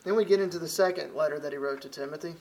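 High-voiced Southern preacher from Alabama. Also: male voice, very fast, a little mellow. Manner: folksy, conversational preaching with frequent restarts. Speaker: visiting preacher. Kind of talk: sermon.

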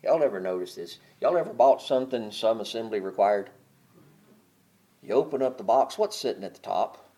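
A man preaching a sermon as pastor, building to loud, impassioned peaks and dropping to quiet, conversational asides. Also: lowish voice, animated, normal speed.

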